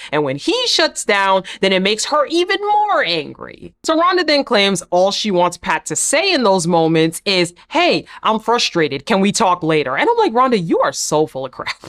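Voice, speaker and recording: A woman's voice: mid-range voice, a bit bright. A woman hosting a reality TV recap, talking casually with blunt, sarcastic opinions.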